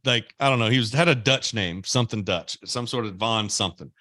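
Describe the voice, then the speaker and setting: A young man hosting a podcast, telling animated stories with swearing and laughter. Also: fairly low pitch, brisk, dry recording. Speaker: podcast host, former player. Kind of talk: casual podcast chat.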